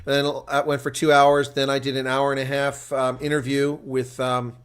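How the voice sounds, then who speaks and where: A man calling a rugby game live for his stream audience, sounding tired after a long day. His voice sits in a middle register, neither deep nor high. He moves loosely between play-by-play and chatty asides to viewers. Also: flat delivery, moderate pace, clean tone. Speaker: host and play-by-play commentator. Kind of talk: live play-by-play reaction commentary.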